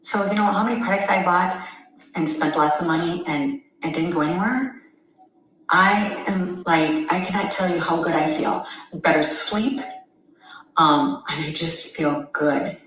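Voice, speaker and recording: A woman giving an emotional, earnest personal testimonial, halting often with ums. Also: lowish voice, a bit bright. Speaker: customer sharing a testimonial. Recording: very echoey room, faint noise.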